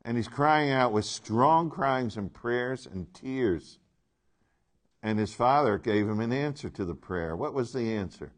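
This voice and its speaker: A man's voice: on the low side, takes it slowly. A man teaching a Bible class, speaking emphatically and asking his listeners questions.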